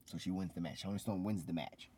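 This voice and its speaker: A man with a low-set, husky voice tells a wrestling story in casual podcast chat. He is loose and animated and acts out what the wrestlers said. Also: fast talker. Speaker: podcast co-host.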